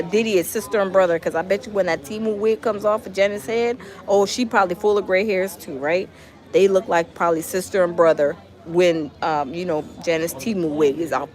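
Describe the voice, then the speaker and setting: A woman hosting a casual live stream, chatting and reading out viewer comments with lots of fillers and animated asides. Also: lowish voice. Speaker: livestream host.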